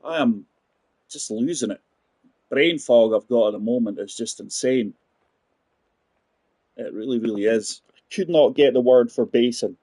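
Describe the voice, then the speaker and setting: A man's voice: medium pitch, unhurried, pauses often, warm tone, husky, no echo. A man in his forties giving chatty, rambling commentary while playing a golf video game and talking to his viewers. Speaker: gaming channel host. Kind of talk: casual gameplay commentary.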